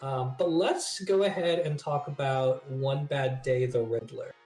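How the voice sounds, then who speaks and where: A man co-hosting a podcast in casual chat, excitable, swearing and laughing often, recorded in an echoey room. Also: mid-range voice, unhurried, soft background music. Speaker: podcast co-host.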